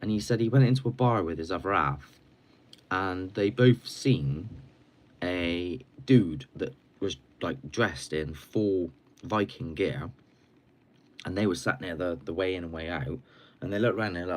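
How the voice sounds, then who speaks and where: A slightly hoarse man hosting a casual live stream chat at his computer, rambling along while sucking a cough sweet. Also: low voice, moderate pace. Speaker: livestream host.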